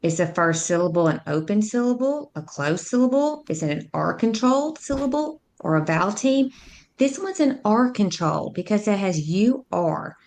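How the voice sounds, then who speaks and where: A woman tutor narrating a phonics lesson, speaking slowly and clearly as she sounds out words and syllables. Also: medium pitch, animated, a little mellow. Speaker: reading tutor.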